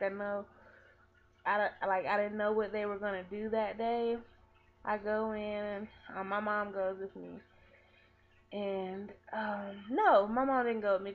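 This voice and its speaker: A woman in her twenties telling a personal story in a vlog, earnest and rambling, with lots of "like.". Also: mid-range voice. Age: 20s. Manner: earnest, rambling, heavy use of "like". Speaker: vlogger. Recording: tinny phone-like audio.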